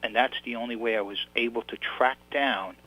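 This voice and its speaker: A man, an author being interviewed, telling an animated story with many restarts. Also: medium pitch, a little fast, poor audio. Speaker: author guest. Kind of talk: casual interview chat. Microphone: online show.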